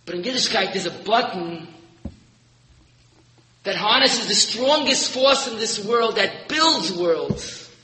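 A man giving a sermon as a rabbi, telling a story with emphatic peaks and sudden hushed drops. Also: sits high, animated, slow pace. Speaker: rabbi giving a Torah talk. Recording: echoey hall, long reverb.

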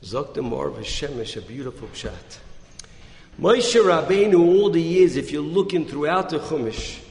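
A rabbi's Torah talk, recorded in an echoey hall with faint noise, features a man whose voice is on the high side and creaky. At a measured pace, he animatedly tells a story and acts out the quotes, his voice rising and dropping.

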